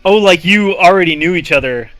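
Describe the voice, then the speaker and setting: A man's voice: sits high, lively intonation, a little fast, soft background music. A man playing in a tabletop game, asking curious, probing questions about another player's backstory. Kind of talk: casual chat.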